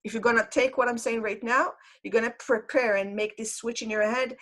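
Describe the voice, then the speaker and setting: A woman's voice: on the high side, steady tone, brisk, fairly bright tone. Woman teaching online. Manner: explanatory, asks the audience questions. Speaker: Hebrew teacher. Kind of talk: online lecture to learners. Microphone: video call.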